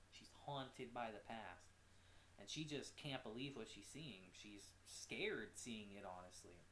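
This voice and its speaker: A man reviewing an episode in a loose, chatty way, with a swear word here and there. His voice is middle-pitched but swings widely up and down. He sounds like he is in an echoey room with a light hiss behind him. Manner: animated, swears casually, quick asides. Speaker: anime reviewer. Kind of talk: casual episode recap.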